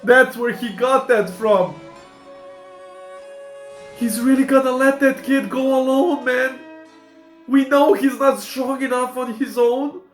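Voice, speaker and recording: High-voiced, emotional reaction host. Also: male voice, fairly even intonation, slow, pauses often, roomy sound, faint music behind. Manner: emotional and exclamatory, keeps saying "man". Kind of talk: casual reaction commentary.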